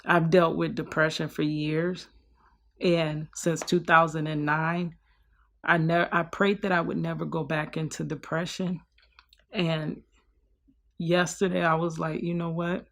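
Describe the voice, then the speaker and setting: A woman's voice: sits low, flat delivery, measured pace, gravelly, a bit bright. A young woman talking in a personal vlog, weary and heartfelt, trailing off and restarting as she speaks. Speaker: vlogger.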